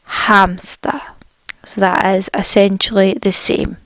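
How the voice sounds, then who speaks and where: Slow, clear woman teaching vocabulary. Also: mid-range voice, steady tone, no echo. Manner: repeats each word slowly and clearly for learners. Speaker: language teacher. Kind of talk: slow spoken language lesson.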